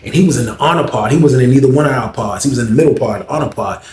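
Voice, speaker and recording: A man's voice: mid-range voice, racing, darkish tone, roomy sound, slight background noise. A man telling a long personal story to the camera, slangy, profane and conversational. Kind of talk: storytelling monologue.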